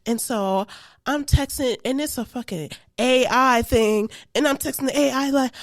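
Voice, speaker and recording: Laughing, animated woman telling a story. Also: high voice, moderate pace, no room sound, clean studio sound. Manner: animated, laughing, acts out family members' voices. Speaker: podcast co-host. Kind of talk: casual storytelling chat.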